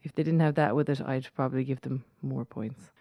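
Irish female co-host, low register, sardonic conversational delivery, dry studio sound. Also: steady tone, fairly quick, mellow, dry recording. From Ireland. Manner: chatty, sarcastic asides. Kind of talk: casual chat, film review.

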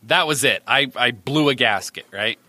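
A man from New Hampshire, a podcast co-host, telling a story in a casual, animated and self-mocking way. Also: medium pitch, normal speed.

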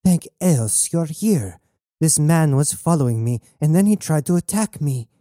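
A man's voice: mid-range voice, slow, mellow, no room sound, clean studio sound. A man doing a cold resolute mother. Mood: pleading. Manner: firm, controlled. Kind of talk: audiobook narration.

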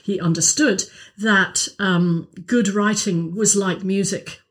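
A woman co-hosting a podcast about voice training, speaking in a measured, soft-spoken and agreeable way. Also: mid-range voice, steady tone. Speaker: podcast co-host, voice coach. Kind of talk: casual podcast chat.

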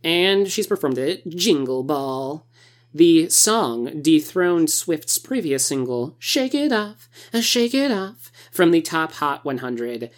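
A woman co-hosts a casual chat show with a playful streak. Her voice sits low and moves slowly, yet it swoops widely in pitch. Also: big pitch swings. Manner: playful, with squealing cheers and giggles. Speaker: podcast co-host.

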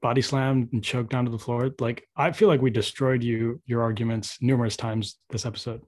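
A man's voice: medium pitch, steady tone, fairly quick, a little mellow. A man hosting a podcast among friends, talking loosely with lots of fillers and teasing the others. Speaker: podcast host. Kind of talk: casual chat.

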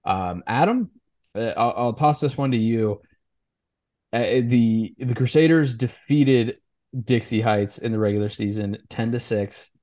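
A man co-hosting a high school sports podcast, chatting casually and often restarting his sentences. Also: a little mellow. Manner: halting, with many restarts and repeated words.

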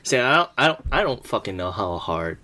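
A man's voice: medium pitch, sing-song, a little fast, bright, forceful tone. A man hosting a casual podcast, chatting animatedly and laughing easily. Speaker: podcast host. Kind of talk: casual chat.

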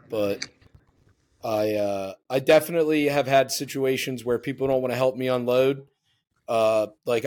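A man's voice: medium pitch, a little mellow. Laid-back man in casual chat.

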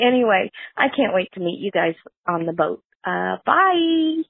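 Casting: husky, gravelly woman caller, casual anecdote, phone-line sound. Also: medium pitch, sing-song, moderate pace, dry recording. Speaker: caller leaving a voicemail.

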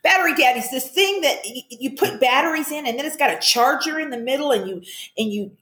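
An older woman chatting upbeat on a video call, telling stories with animated quotes. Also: high-pitched, a little fast, reverberant. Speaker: guest, commercial actress. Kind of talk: casual chat on a video call.

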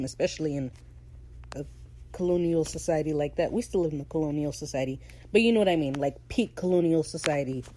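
A woman's voice: sits low, mellow, a little hiss or hum. A woman hosting a podcast, recapping a TV episode in slangy, opinionated casual chat and laughing easily. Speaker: podcast host.

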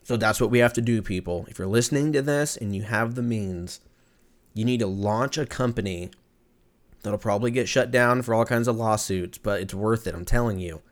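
A man's voice: fairly low pitch, moderate pace. A young man hosting a podcast, ranting casually with profanity, jokes and frequent laughter. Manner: profane, joking, animated, laughs often. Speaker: podcast host. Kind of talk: casual solo podcast rant.

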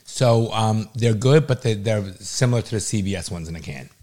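A man with a low voice co-hosts a podcast. He rambles loosely and swears often, chewing snacks as he talks. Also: normal speed, a little mellow. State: chewing while talking. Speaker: podcast co-host. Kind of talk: casual chat.

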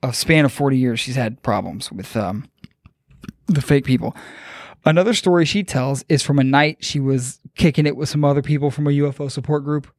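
A man's voice: mid-range voice, a little fast, a little mellow, dry recording, studio quality. Man telling a story, casual and profane. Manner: loose, profane, joking retelling. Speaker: podcast host.

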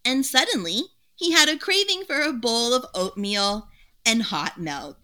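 A woman co-hosting a podcast, retelling a book's plot in a casual, animated way with frequent laughter. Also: on the high side, a little slow. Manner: animated storytelling, laughs often. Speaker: podcast co-host. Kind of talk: casual book recap with chat.

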